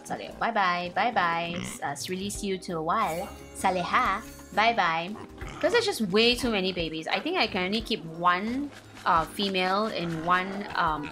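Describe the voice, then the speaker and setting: A young woman, hosting a let's play and commenting excitedly as she plays. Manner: excitable, squealing highs and gasps. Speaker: gaming channel host. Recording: faint game music behind.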